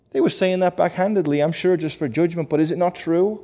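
A middle-aged man preaching to a congregation, pressing his points with rhetorical questions and quick answers. His voice sits a little high for a man but has a dark, mellow tone. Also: lo-fi sound. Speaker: pastor. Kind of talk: sermon.

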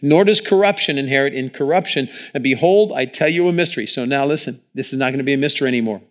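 A man preaching a sermon in church, talking into a microphone and swinging between hushed lines and loud ones. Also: medium pitch, fast. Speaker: pastor.

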